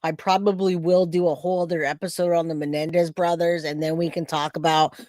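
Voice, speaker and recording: Lowish voiced woman from california chatting w her stream viewers, dry mic, casual. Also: little pitch movement, a little fast, darkish tone, dry recording. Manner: chatty, talks to chat by name. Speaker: true crime streamer host. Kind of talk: casual live-stream commentary.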